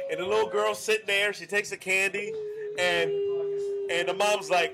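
A man hosting a casual bar podcast, telling a profane, animated story. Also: high voice, normal speed, creaky, faint music behind. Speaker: podcast host.

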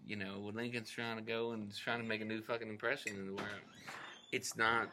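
A man doing an impression of a laid-back film actor, in a slow, low, mumbled drawl in a bar. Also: flat delivery, background noise, lightly acted.

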